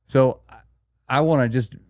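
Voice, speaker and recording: A man hosting a podcast interview, talking in an earnest, emphatic way and slowing down to stress key words. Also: medium pitch, no room sound, studio quality. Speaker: podcast host. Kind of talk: casual interview chat.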